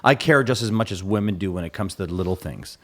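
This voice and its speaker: A man's voice: low-pitched, fast, a bit bright. A man hosting a podcast, pressing his guest with questions and making emphatic points about work habits. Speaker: podcast host. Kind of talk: casual podcast chat.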